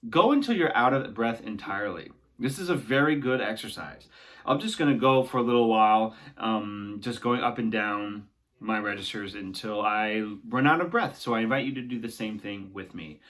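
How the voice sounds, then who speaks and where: A man's voice: fairly low pitch, expressive, normal speed, a bit bright. Young male voice teacher, encouraging, talks students through exercises. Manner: encouraging, talks along with exercises, often ends with "right?". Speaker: singing teacher. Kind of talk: guided vocal warm-up lesson.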